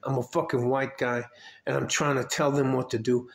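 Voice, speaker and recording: A man's voice: mid-range voice, flat delivery, normal speed, gravelly. Older man, angry personal rant, swears a lot, gets upset, roomy echo. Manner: heated, swearing, repeats himself. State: getting upset. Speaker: video blogger.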